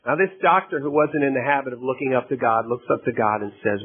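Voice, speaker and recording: A man's voice: medium pitch, fast, hardly any pauses, breathy edge, soft background music. A male pastor preaching a sermon in a conversational, storytelling way. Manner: conversational storytelling, asks "right?". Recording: tinny phone-like radio broadcast.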